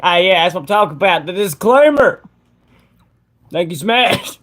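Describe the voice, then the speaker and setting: A live streamer talks to the chat in an easy, laid-back way, full of slang and quick laughs. The voice sits at a middle pitch and stays relaxed and chatty.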